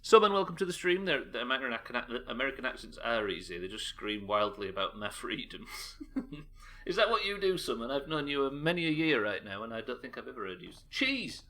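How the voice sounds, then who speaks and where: A man's voice: medium pitch, big pitch swings, fast talker, pushed and bright. A British man live-streaming a game, chatting casually with his chat and reading aloud in a chatty, self-interrupting way. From United Kingdom.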